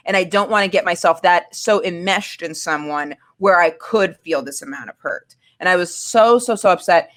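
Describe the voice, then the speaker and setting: A woman's voice: fairly low pitch, fairly bright tone. Woman from Maine, 30s, candid, rambling storyteller, casual chat. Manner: candid, rambling with many fillers and restarts. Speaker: guest.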